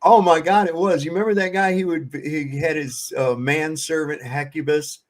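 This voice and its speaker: A man's voice: fairly high pitch, fairly even intonation, moderate pace, over a noisy crowd. A man hosting a casual livestream panel chat, telling stories in a loose, profane way and laughing often. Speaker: livestream host.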